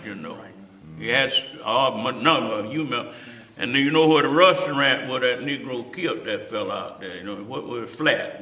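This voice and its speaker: A man's voice: mid-range voice, bright, forceful tone. An older man, telling rambling stories with asides to his listener in an oral history interview. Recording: roomy echo.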